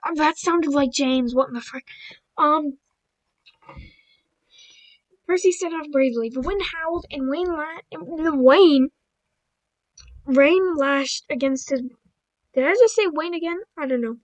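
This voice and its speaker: A video creator with a high voice reads simple children's stories in a casual, offhand manner, unhurried and with long pauses. She stumbles over words, restarts lines, and interrupts with blunt asides, all on a low-quality recording.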